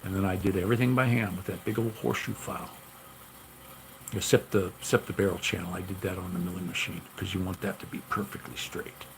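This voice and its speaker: A man's voice: sits low, steady tone, quick pace, creaky, a little hiss or hum, rough recording. A man casually telling long stories about his gunsmith work, rambling and repeating himself with lots of "you know". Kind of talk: casual storytelling.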